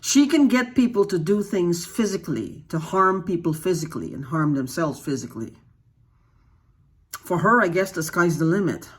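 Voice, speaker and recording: Husky-voiced agitated vlogger full of questions. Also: medium pitch, expressive, moderate pace. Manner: repeats phrases for emphasis. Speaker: YouTube channel host. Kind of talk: unscripted vlog monologue.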